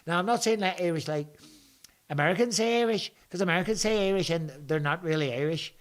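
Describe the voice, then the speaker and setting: A man in his forties hosts a loose live chat, blunt, joking and quick to swear. His voice sits a bit higher than most men's. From England. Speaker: podcast host. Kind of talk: live casual chat answering viewer questions.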